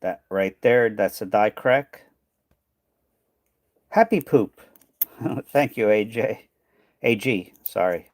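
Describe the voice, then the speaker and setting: Fairly low in pitch, this man talks slowly with frequent pauses, recorded dry. He's the host of a coin hunting channel, casually chatting on stream while sorting coins, tired, losing his voice, and trailing off as he thinks aloud.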